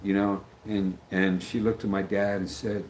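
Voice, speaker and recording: Deep-voiced man chatting on a livestream. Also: little pitch movement, normal speed, darkish tone, slight background noise, low-quality recording. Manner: rambling, loses his train of thought, acts out quoted voices. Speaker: livestream host reading viewer comments. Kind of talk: casual livestream chat.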